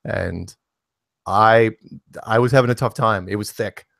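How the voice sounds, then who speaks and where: A man's voice: on the low side, measured pace, gravelly, a bit bright. A man co-hosting a casual live-stream chat, rambling while he searches his screen. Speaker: co-host.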